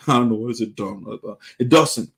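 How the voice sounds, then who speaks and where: A man's voice: mid-range voice, normal speed, vocal fry, a bit bright. A man hosting a critical political commentary, indignant and full of rhetorical questions that circle back to the same points. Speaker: commentary show host.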